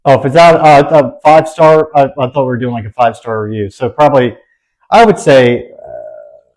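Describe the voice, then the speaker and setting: A man's voice: mid-range voice, very animated, moderate pace, a little mellow. An easygoing male podcast co-host with an ordinary mid-range voice. He chats casually, mostly answering briefly and agreeably. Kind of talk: casual chat.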